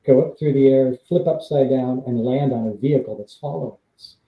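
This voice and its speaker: A man speaks a little fast in a medium pitch, telling rambling stories from his past as a stunt double, with fillers and laughter between lines. It's casual storytelling on a live stream, with roomy, phone-quality audio.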